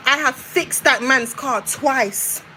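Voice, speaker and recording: Young woman ranting on a live stream, bright sharp voice, confrontational, keeps repeating herself, slightly high. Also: takes it slowly, a little hiss or hum, rough recording. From United Kingdom. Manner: confrontational, emphatic, repeats her points. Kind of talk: heated live-stream rant.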